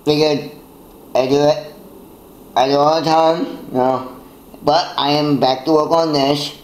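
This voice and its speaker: This young vlogger's voice is a little high and steady in tone, and he speaks a little slowly. He rambles casually to viewers, mocking himself and laughing along, in a rough recording with a roomy sound.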